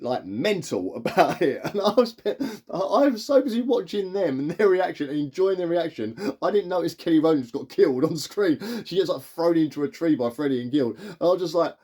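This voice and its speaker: A man, a vlogger telling rambling, animated stories to his viewers and chuckling as he goes. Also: a little high, fast, hardly any pauses, husky. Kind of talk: casual storytelling to camera.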